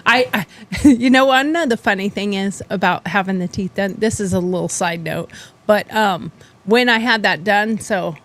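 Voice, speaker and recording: A woman's voice: mid-range voice, fairly bright tone. A woman hosting a casual talk show, chatty and blunt, often laughing. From western United States. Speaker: podcast host. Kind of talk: casual chat.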